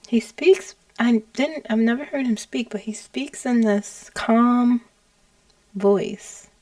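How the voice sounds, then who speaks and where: A woman psychic talking casually about messages she says she channeled, slow and hesitant, often correcting herself and dropping into whispers. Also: fairly high pitch, no room sound, recorded from a distance. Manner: slow, hesitant, self-correcting, with soft laughs and whispered asides.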